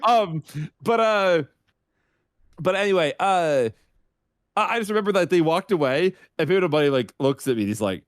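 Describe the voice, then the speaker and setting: A man telling a story on a casual podcast, his voice bouncing up and down as he acts out the people in it. His pitch sits a little high and swings widely. The sound is dry and close. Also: expressive, moderate pace, long pauses, smooth, no room sound. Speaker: guest streamer.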